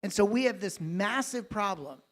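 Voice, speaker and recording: A man giving a keynote talk on a live conference stage, telling a story with dramatic swings between loud and hushed delivery. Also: sits high, animated, normal speed. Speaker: dentist and coach, keynote speaker.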